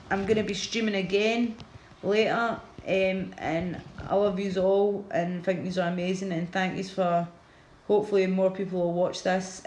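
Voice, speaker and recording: A woman's voice: medium pitch, darkish tone, roomy sound, a little hiss or hum, rough recording. A Glaswegian woman from Scotland chatting casually on a livestream, rambling and answering her viewers' comments as she goes.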